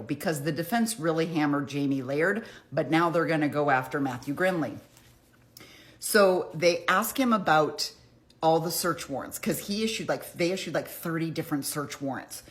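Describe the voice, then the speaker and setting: A woman with a low voice talks through a trial recap in a chatty, conversational way. She sprinkles in casual asides and leans into retold quotes with emphasis. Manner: dramatizes quotes with emphatic retellings. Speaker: true crime commentator.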